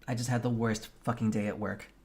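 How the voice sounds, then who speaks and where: A man streaming a game, chatting casually with his viewers, candid and quick to swear. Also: lowish voice, a little mellow, slightly rough. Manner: candid and profane, venting frankly. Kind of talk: casual chat with live viewers.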